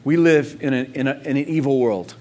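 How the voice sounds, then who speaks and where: A man's voice: mid-range voice, a little fast, warm tone. Male pastor, mid-range voice, chatty but emphatic sermon delivery. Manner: emphatic, conversational preaching with rhetorical questions. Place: church service in Texas.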